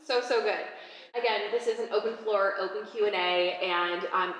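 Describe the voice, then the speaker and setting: A woman's voice: medium pitch, a bit bright, a little hiss or hum. A woman moderating an open Q&A, asking questions in an enthusiastic, encouraging way. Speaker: event moderator. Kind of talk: hosting an open Q&A. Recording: roomy echo, long reverb, faint ambience.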